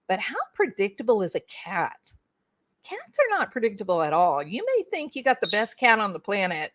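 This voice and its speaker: Her voice is medium in pitch with a fairly bright tone as this middle-aged woman hosts a casual home livestream, folksily reading the chat and calling out viewers by name.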